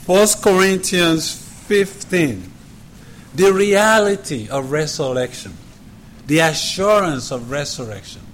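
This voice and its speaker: Slow-speaking pastor preaching. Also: male voice, on the high side, animated, a little hiss or hum. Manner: slow, deliberate, prayerful then emphatic preaching. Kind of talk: prayer and sermon. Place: church sanctuary.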